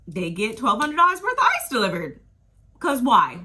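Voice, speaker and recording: A woman's voice: on the high side, wildly swooping pitch, moderate pace, bright, forceful tone. A woman casually recapping a reality TV episode in a chatty, slangy way, laughing and acting out her own reactions.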